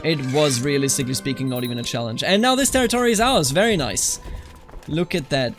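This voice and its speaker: Animated young man with a higher voice. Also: faint music behind. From Germany. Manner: animated, quick to mock outrage, talks to game characters. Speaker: strategy game let's-player. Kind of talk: casual gameplay commentary.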